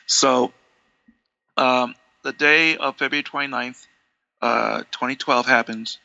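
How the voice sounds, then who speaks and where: Gravelly, bright-voiced man telling a story. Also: medium pitch, measured pace, dry recording, dull audio. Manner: animated, acts out quoted dialogue, many restarts. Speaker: interview guest, longtime fan. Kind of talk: conversational storytelling.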